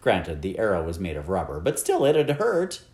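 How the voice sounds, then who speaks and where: Expressive male audiobook narrator. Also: low voice, normal speed, reverberant. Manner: expressive, wide-ranging storytelling. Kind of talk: scripted narration.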